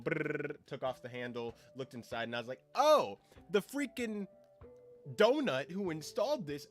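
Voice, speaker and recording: A young man, casually chatting with his stream chat as host of a watch party, loose and full of fillers. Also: mid-range voice. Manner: loose and animated, lots of fillers, jumps between loud calls and mumbled asides. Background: soft lo-fi music.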